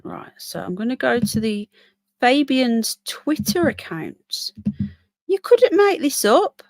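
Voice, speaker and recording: This woman's voice is fairly high and creaky, a little mellow, with big pitch swings and a slow pace, and there's no room sound. A tired, yawning livestream host, she reads comments, chats casually with her audience, and turns aside between points to talk to her pets.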